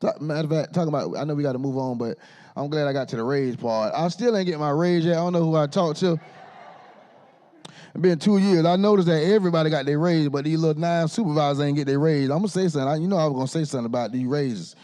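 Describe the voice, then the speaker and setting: Brief: male emcee, teasing roast style, soft dark tone. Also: on the high side, quick pace. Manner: joking, teasing, conversational. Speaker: master of ceremonies.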